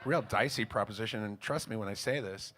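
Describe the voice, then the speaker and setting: A singer-songwriter telling crude, rambling comic stories between songs at a small live music venue. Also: male voice, on the low side, a little fast, a bit bright, a little hiss or hum. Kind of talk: live concert singing and comic stage banter. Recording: live concert mix with guitar.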